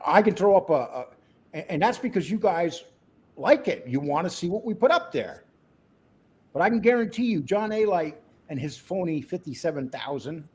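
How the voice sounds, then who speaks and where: Man, co-host, casual livestream chat, crude jokes, rambling, fairly high pitch. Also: a little mellow, husky.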